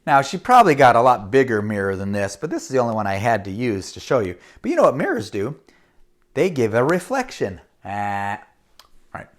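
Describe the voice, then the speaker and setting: A woman's voice: rumbling low, brisk. A woman telling a children's story at home to camera, speaking to the kids directly and acting out the action. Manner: lively, addresses kids directly, acts out the action. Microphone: camera mic.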